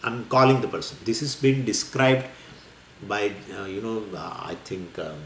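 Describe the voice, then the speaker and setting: Guy teaching scripture, pitch jumping all over, lots of uh and you know, roomy echo and a faint hum behind. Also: moderate pace. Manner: lively, wandering explanation with frequent fillers and laughs. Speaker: spiritual teacher. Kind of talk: scripture lecture. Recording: echoey room with faint ambience.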